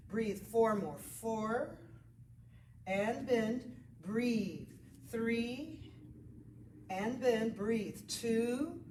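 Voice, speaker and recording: Woman yoga teacher, counting and coaching, a bit high-pitched, distant from the mic in an echoey studio. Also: lively intonation, extremely slow, pauses often, darkish tone, slight background noise. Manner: counts out breaths and moves, then encouraging asides. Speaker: yoga instructor. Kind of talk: guided yoga class instruction.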